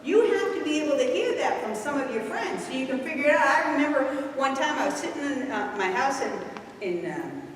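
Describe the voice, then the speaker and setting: A woman giving a lively talk to a youth group in a church hall, asking the audience questions. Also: high-pitched, fairly quick, a little hiss or hum. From New England. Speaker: speaker at a youth ministry talk. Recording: echoey hall from far off.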